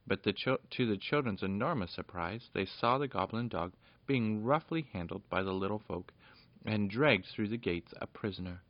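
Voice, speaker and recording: A man reading a children's storybook aloud in a plain, steady way, with small slips. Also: fairly low pitch, moderate pace, no room sound. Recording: dull lo-fi dry recording.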